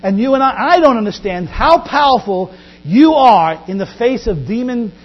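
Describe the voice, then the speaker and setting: A man preaching a sermon as pastor, animated, often acting out Bible scenes in quoted voices. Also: very high-pitched, moderate pace. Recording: dull lo-fi recording with faint mains hum.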